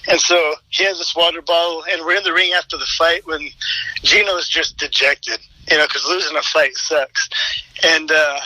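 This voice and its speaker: A man in casual conversation, spinning a story with lively energy. His voice is bright and sharp, somewhat higher, recorded close and dry. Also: normal speed, no room sound, rough recording. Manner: animated storyteller, acts out quotes. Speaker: guest, pastor and former fighter.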